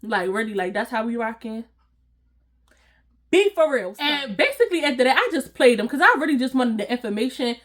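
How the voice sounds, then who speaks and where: A woman vlogger telling a casual storytime, animated and slangy, acting out what people said and laughing often. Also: a little high, brisk. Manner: animated, slangy, acts out quoted voices.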